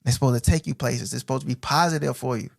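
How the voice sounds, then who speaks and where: A man teaching scripture on a stream, reading verses slowly and then explaining them in casual street slang, often asking 'right?'. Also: medium pitch, gravelly, no room sound, clean studio sound. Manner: casual, repeats 'right?' and 'bro'. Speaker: Bible teacher.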